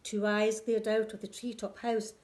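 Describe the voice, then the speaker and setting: A woman nursery teacher reading a picture book to young children in a clear, sing-song read-aloud voice. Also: medium pitch, little pitch movement, moderate pace, a little mellow.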